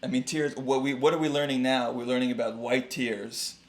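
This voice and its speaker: A man's voice: mid-range voice, steady tone, a little fast, reverberant. A man co-hosting a comedy podcast, reading a children's book aloud and mocking it with sarcastic asides. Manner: sarcastic, reads aloud in mock voices. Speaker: podcast co-host.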